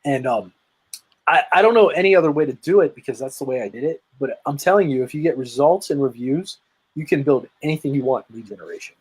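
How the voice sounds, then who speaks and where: A man's voice: mid-range voice, expressive, quick pace, a little mellow, slightly rough, low-quality recording. A man speaking as a guest on a video call, telling his story with energy, emphasis and many restarts. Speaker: guest, lead generation marketer. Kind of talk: casual interview chat.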